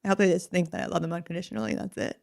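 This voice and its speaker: A woman's voice: lowish voice, animated, racing, gravelly, darkish tone. Playful joking woman co-host. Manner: joking, playful, emotional at times. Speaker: podcast co-host. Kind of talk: casual chat.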